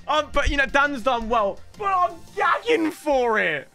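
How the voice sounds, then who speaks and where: A young man, reacting loudly to match footage as a YouTuber, shouting at the screen and bantering in slang. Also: very high voice, very animated, a little slow, gravelly, faint music behind. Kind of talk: excited reaction commentary over match footage.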